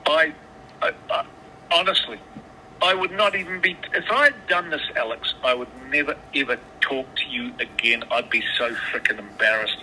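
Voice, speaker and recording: A man's voice: medium pitch, normal speed, sharp tone. A man on a phone call, swearing often and stammering through restarts as he tells his side. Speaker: caller. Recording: phone line with background noise.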